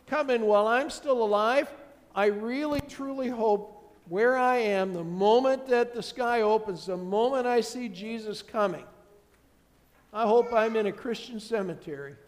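A pastor delivers his sermon in a high, bright-toned man's voice, leaning on repeated phrases that swell in force. His words ring out with a long reverb trailing through the church sanctuary. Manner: emphatic, builds to rising repeated phrases.

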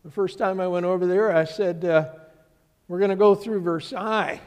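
A man's voice: high voice, fairly even intonation, normal speed, darkish tone, clear, resonant tone, in a large hall. A middle-aged man preaching a sermon as pastor, telling stories in a conversational way with voices for the people he quotes. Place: church sanctuary.

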